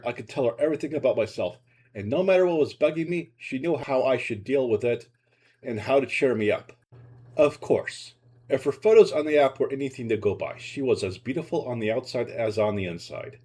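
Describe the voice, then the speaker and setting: Guy reading his own short story, husky voice, pitch all over the place. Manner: expressive, dramatic narration.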